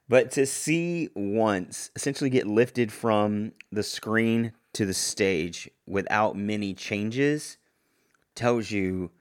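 A man hosting a solo podcast, talking casually and enthusiastically, often rambling and correcting himself. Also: low voice. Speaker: podcast host.

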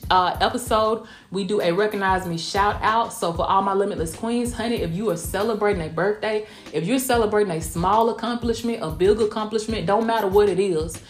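A woman with a rural Southwest Georgia accent talks in a folksy, emphatic way, calling her listeners honey and y'all. Her voice sits in an ordinary middle pitch. The room adds a roomy echo, with faint music behind her. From Blakely, Georgia, US. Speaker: podcast host. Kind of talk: casual motivational podcast chat, also streamed live.

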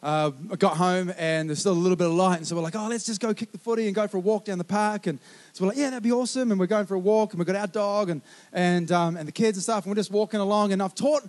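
Aussie pastor guy, pretty high voice, tells stories and acts out the bits, keeps saying come on. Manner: animated storyteller, acting out quotes, exhorting with "come on". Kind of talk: sermon with personal story.

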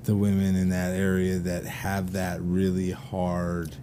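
Low-voiced Minnesotan man, rambling. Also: monotone, takes it slowly, dark tone, a little hiss or hum. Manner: rambling storyteller, many fillers. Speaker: band leader and guest. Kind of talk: casual podcast chat.

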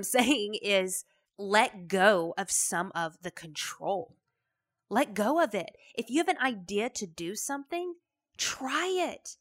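A woman hosts a motivational podcast. Her voice is bright and forward, roughened by a gravelly fry. She talks in a chatty, folksy, emphatic way. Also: mid-range voice. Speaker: podcast host.

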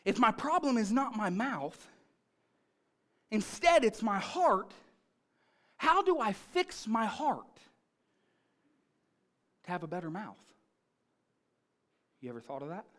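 A male pastor preaching a sermon, telling family stories in an animated, punchy way. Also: high voice, takes it slowly, long pauses.

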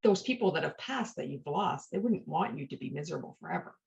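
A woman's voice: low-pitched, expressive, quick pace, creaky, darkish tone. A woman hosting a podcast, telling personal stories in a casual, heartfelt way and often checking in with "right?". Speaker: podcast host. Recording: dull lo-fi sound.

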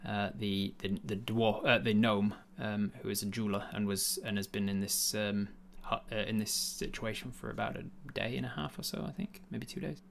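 A man narrating a tabletop game as game master, halting and full of uhs and ums. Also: lowish voice, steady tone, vocal fry, a little hiss or hum.

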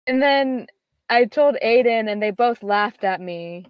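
A teenage girl chats casually, her voice a little high with a clean tone at a moderate pace. She rambles through a long story packed with fillers and quoted back-and-forth. The recording is muffled, with no room sound.

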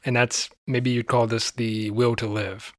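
A man co-hosting a podcast in casual chat, relaxed and thoughtful, laughing often. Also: mid-range voice, measured pace, no echo, clean studio sound. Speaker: podcast co-host.

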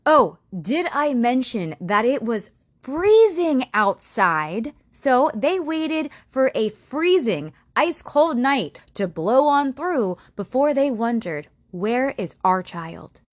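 A woman's voice: sits high, big pitch swings, takes it slowly, no room sound, studio quality. A woman narrating a true-crime story in a blunt, sarcastic way, swearing and putting on mocking voices for quotes.

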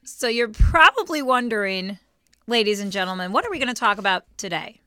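A woman co-hosting a casual faith podcast, playful and quick with reactions. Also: mid-range voice, expressive, sharp tone, smooth, no room sound. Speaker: podcast co-host.

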